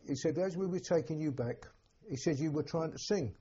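Husky older man recalling war memories. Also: a little high, mellow, muffled recording. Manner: halting, plain-spoken storytelling with many restarts. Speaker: war veteran recounting memories. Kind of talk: oral history testimony.

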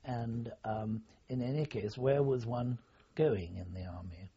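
An older man recalling his army years in a halting, formal way, pausing often with fillers. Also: mid-range voice, mellow, breathy edge. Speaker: interviewee. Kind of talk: oral history reminiscence. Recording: dull lo-fi recording.

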